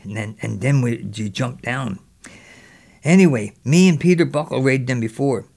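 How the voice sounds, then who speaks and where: A man voicing a mischievous boy who spins a lively tale in local dialect. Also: mid-range voice, moderate pace, creaky, pitched below the performer's own voice. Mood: boastful. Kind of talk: character storytelling.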